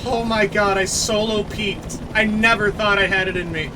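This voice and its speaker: A man streaming a game live, commenting excitedly, thanking viewers and laughing often. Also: high voice, moderate pace, noisy background.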